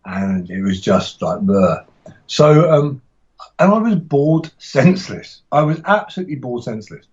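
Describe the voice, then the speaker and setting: A man's voice: medium pitch, lively intonation, a little slow, a little mellow, muffled recording. A man talking casually as a podcast guest about teaching martial arts, rambling and enthusiastic, with frequent restarts and laughs.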